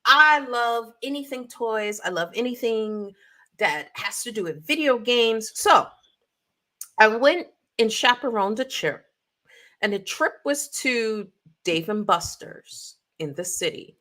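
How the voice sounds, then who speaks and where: A woman co-hosting a chatty podcast, her voice higher than most and bright, almost sharp. She talks slowly and tells stories with animated sound effects and quoted asides. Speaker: podcast co-host. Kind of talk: casual storytelling chat. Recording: live stream call audio.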